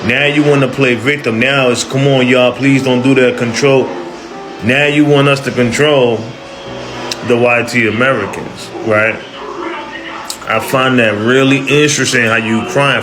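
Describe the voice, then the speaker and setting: Sarcastic man over loud music. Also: mid-range voice. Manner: sarcastic, pointed, calling people out. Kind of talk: casual social media commentary.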